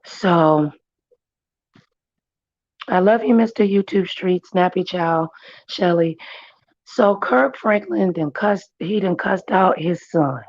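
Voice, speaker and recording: Hoarse woman chatting slowly on a stream. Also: lowish voice, dry recording. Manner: chatty, greets viewers by name, drawling. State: hoarse, losing her voice. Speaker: livestream commentary host. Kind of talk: casual chat. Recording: dry, muffled stream audio.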